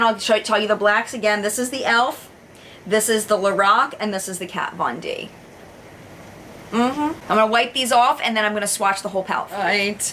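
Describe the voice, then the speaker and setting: Bright bubbly woman reviewing makeup. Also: mid-range voice, a little hiss or hum. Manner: bubbly, gushing, exclaims in excitement. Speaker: beauty vlogger.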